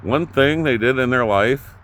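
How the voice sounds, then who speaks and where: A middle-aged man hosting his own channel, ranting unscripted to the camera, blunt and profane, swinging from loud outbursts to low muttering. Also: unhurried. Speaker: YouTube channel host.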